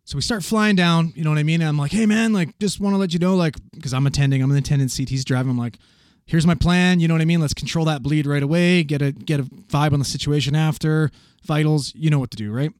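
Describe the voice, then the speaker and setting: A man casually telling a paramedic story, animated and swearing freely as he acts out the voices of the people in it. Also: on the high side, fast, no echo, studio quality.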